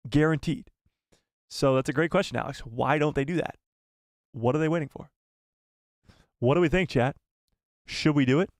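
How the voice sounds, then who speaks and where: A young man hosting a casual live stream, excitable and joking as he talks straight to his chat. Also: a little high, normal speed, long pauses, dry recording, studio quality.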